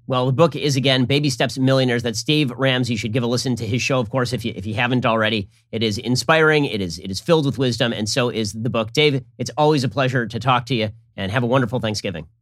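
Fast-talking male interviewer. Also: mid-range voice, a bit bright, no room sound, clean studio sound. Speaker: interviewer and show host. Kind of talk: interview, host questions.

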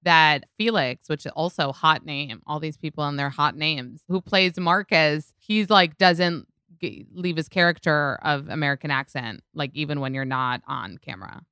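A woman's voice: low-pitched, normal speed, bright, forceful tone, clear, resonant tone, no echo, clean studio sound. A woman hosting a podcast, asking questions with enthusiastic, gushing fan energy. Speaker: podcast host. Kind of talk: casual podcast interview.

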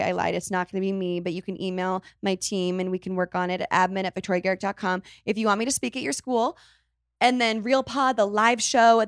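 A woman's voice: mid-range voice, smooth, no echo, studio quality. A young woman in her twenties hosting a casual solo podcast, chatty and rambling, often correcting herself mid-sentence. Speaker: podcast host.

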